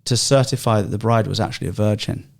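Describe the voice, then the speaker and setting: A man in a Bible study podcast chat, explaining at length with animated energy and many ums and restarts. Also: on the low side, fast talker, vocal fry. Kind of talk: casual discussion podcast.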